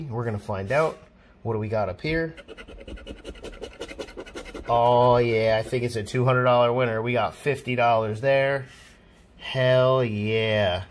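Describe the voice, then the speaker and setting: Man, excitable, casual scratch-off commentary, counts numbers aloud, mid-pitched voice. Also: a little hiss or hum. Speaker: lottery scratch-off channel host.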